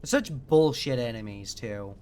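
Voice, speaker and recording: A man's voice: medium pitch, animated, normal speed. A male streamer commentating live on a video game in a mid-range voice. He rants irritably and swears constantly at the characters on screen. A faint hum of noise sits beneath his voice. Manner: irritable, heavily profane ranting.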